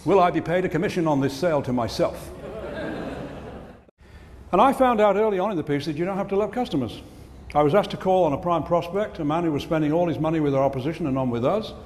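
A man's voice: a little high, expressive, fast, a little mellow, a little hiss or hum. A man giving a comic business keynote at a conference, delivering jokes and punchlines. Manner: joke-telling, punchline delivery. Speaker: keynote speaker. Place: conference hall. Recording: reverberant hall, faint ambience.

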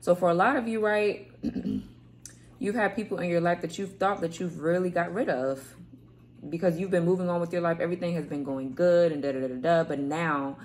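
Woman, tarot reader, low-pitched, rambling, casual swearing, repeats herself. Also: darkish tone, slight background noise. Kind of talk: casual tarot reading to camera. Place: home room, kids heard playing outside.

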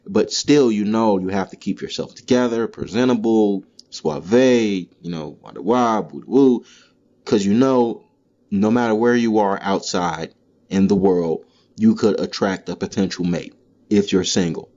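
A man hosting a solo comedy podcast, delivering a profane, animated monologue. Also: fairly low pitch, moderate pace, muffled recording. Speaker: podcast host. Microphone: solo podcast mic.

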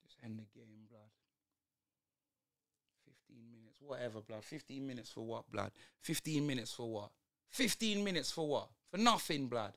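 A man's voice: medium pitch, lively intonation, moderate pace, creaky, a bit bright. A young man ranting through a live football watch-along, heavy on street slang and exasperation.

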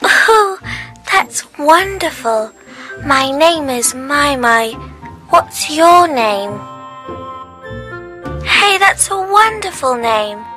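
A woman voicing Emma, a cheerful chatty preschool cartoon character who speaks slowly and sing-song to a child watching. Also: high-pitched, expressive, pushed and bright, faint music behind, full character voice. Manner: sing-song, slow, addressing a child viewer.

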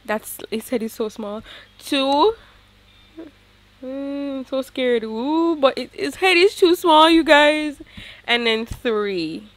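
Her high-pitched voice moves slowly as she narrates a life-sim game for her viewers. The YouTuber keeps the commentary chatty, excitable and casual.

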